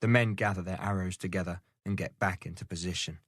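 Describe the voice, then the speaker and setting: Man, audiobook narrator, low voice, measured storytelling, dry close recording. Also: steady tone, no echo. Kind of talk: scripted narration.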